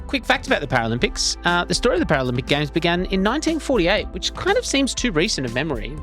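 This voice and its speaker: A man's voice: high voice, fast talker, faint music behind. A man hosting a podcast, introducing segments in a playful, casual way. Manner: lively, playful. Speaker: podcast host.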